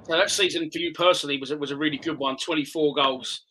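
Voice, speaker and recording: Quick, bright-voiced man hosting. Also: a little high, fairly even intonation, a little hiss or hum, low-quality recording. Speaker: podcast host. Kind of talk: casual interview questions.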